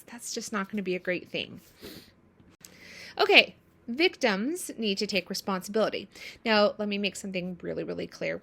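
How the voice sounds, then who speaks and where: Woman teaching, acting out quoted examples. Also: mid-range voice. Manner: acts out quoted examples with lively shifts in voice. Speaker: coach. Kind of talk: casual explanatory teaching.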